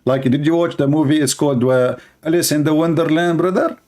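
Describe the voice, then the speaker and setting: A man's voice: on the high side, brisk, a little mellow. A man giving mocking commentary on religion, sarcastic and often laughing. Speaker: religion critic.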